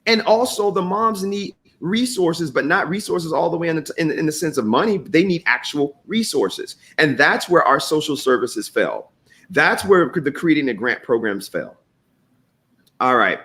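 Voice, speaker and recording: A man hosting a morning talk show, telling stories in an animated way, swearing freely and reading viewer comments aloud. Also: on the high side, moderate pace.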